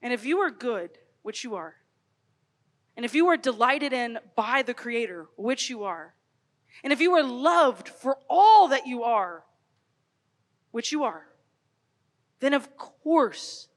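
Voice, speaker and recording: A woman in her thirties giving an expressive, storytelling talk to a youth conference, swinging from loud to hushed. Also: a little high, slow, long pauses, long reverb tail. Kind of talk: animated Catholic youth talk. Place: large hall.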